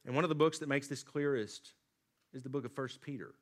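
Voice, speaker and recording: A man preaching a sermon, swinging from loud emphatic lines to low, quiet drops. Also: fairly quick. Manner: dynamic preaching, rising emphatic then dropping low and quiet. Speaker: pastor.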